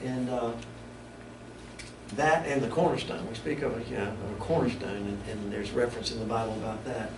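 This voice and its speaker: Leading a Bible study, a man talks in a relaxed, conversational manner, frequently stopping and restarting his thoughts, his mid-range voice moving a little fast. He was recorded from a distance in an echoey room, and a constant hiss runs beneath his speech.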